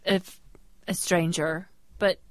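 A young woman, a mother, co-hosting a casual podcast and telling a story with lively voice changes. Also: takes it slowly, no echo, clean studio sound. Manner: animated storyteller, jumps into high voices when quoting people. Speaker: podcast co-host. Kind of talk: casual chat.

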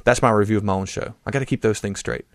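Talking very fast in a lowish voice, a man from the United States jokes his way through listener messages on the casual podcast he co-hosts. He's easygoing and stumbles over place names. Sound is clean studio quality, with no room sound.

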